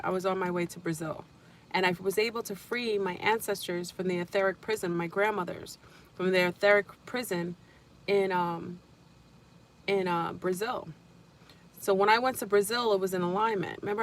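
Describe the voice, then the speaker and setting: Woman, spiritual livestream host, casual testimony, rambling and repetitive, emphatic, mid-pitched voice. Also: a little hiss or hum. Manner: rambling, repeats and restarts phrases.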